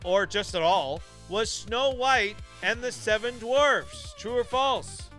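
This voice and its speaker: A man's voice: sits high, takes it slowly, bright, forceful tone, faint music behind. A man hosting a casual live-stream show, reading trivia questions in an upbeat way and laughing often. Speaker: show host.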